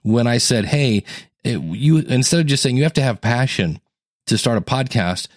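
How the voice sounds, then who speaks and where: A man hosting a teaching podcast in a casual, conversational way, acting out quotes with sudden jumps in pitch. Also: expressive, normal speed, dry recording, studio quality. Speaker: podcast coach and host.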